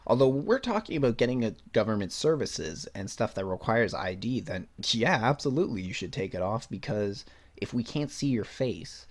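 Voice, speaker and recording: A young male podcast host with a slightly low-pitched voice talks through the news in his own blunt, sarcastic way. He reads clippings aloud, then breaks off to mock them, swearing freely and chuckling at his own remarks. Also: big pitch swings, normal speed. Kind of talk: casual opinion commentary, reading news aloud.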